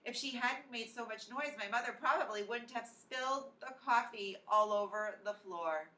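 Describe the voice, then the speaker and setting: A woman teacher reads a children's chapter book aloud with expressive, clear storytelling. Her voice is bright and echoes around the room, picked up from some distance off the mic. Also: fairly high pitch, moderate pace.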